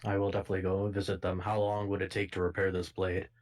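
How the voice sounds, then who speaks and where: A man's voice: deep voice, monotone, fast, darkish tone. A man playing a character in a tabletop game, speaking politely and hesitantly with fillers. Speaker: player.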